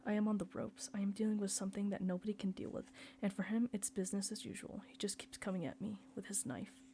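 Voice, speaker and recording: A woman's voice: medium pitch, level tone, fast talker, warm tone, slight background noise, close to an everyday voice. A woman reading the part of a bewildered, anguished middle-aged father who pleads and defends himself.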